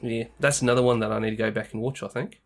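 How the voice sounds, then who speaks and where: A man's voice: mid-range voice, fairly even intonation, fast talker. Dry-witted man chatting casually. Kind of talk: casual chat.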